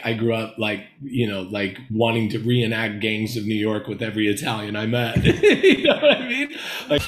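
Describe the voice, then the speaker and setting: Low-voiced man telling candid stories. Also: roomy sound, poor audio. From Los Angeles, USA. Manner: animated, rambling, laughs while telling stories. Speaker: guest screenwriter. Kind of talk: candid interview storytelling.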